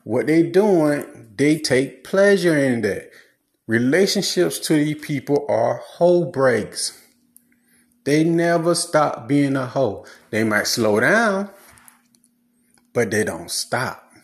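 A man's voice: mid-range voice, animated, slow. A man giving blunt, preachy relationship advice in a casual, slangy monologue.

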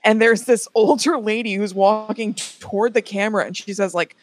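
A woman's voice: medium pitch, fairly even intonation, brisk. A woman co-hosting a podcast, chiming in with short agreements and dry asides. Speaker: podcast co-host. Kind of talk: casual chat.

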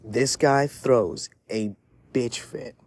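A man's voice: medium pitch, very slow, husky. A man telling a story in a casual monologue, rambling with lots of "like" fillers and frequent swearing. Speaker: podcast storyteller.

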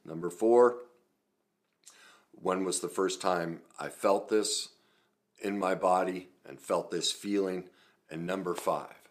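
A middle-aged man talking to his viewers as a self-help coach, animated and acting out quoted lines loudly. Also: sits low, slow, pauses often. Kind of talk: video talk to viewers.

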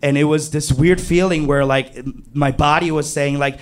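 A man doing stand-up storytelling, animated, jumping to high panicked yelps when he quotes himself. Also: normal speed, a little hiss or hum. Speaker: stand-up comedian.

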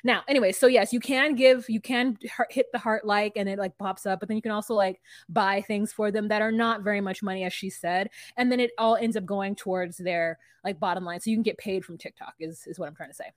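A woman co-hosts a podcast, giving a casual recap chat in a medium-pitched, fairly even voice, brisk with few pauses. The recording is clean studio sound with no room noise, and she rambles frankly, full of "like" and the odd curse word.

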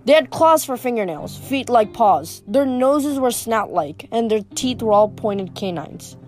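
Woman narrating a novel, high voice. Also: unhurried, soft background music. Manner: steady storytelling reading. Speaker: reader. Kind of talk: audiobook narration.

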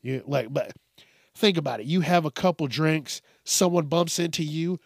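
A man's voice: on the high side, moderate pace, no echo, studio quality. Profane ranting podcast host, man. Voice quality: crude, swearing constantly. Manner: animated, mock voices for quoted people. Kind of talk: profane comedic rant.

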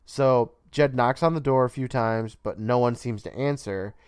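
A male podcast co-host casually recaps a show, swearing freely and laughing often. His mid-range voice is clear, resonant and a little mellow, with a moderate pace, captured on a dry, clean studio recording.

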